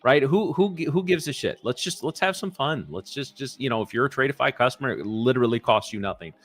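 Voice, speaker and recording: A man co-hosting a live trading show in loose, excitable casual chat, often repeating himself. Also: mid-range voice, fast talker.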